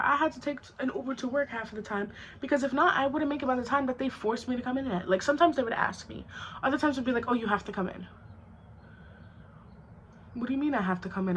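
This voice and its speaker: A woman's voice: high-pitched, a little hiss or hum, poor audio. Blunt, profane young woman telling a story. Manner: blunt, profane and animated, acting out both sides of the argument. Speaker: vlogger. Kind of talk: storytime vlog.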